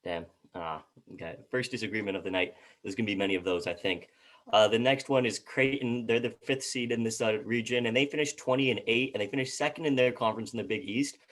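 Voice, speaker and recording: Low-voiced guy reading out team stats. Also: fairly even intonation, fast talker, a bit bright. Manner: reads team stats, stumbles over player names. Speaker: co-host. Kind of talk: casual sports chat.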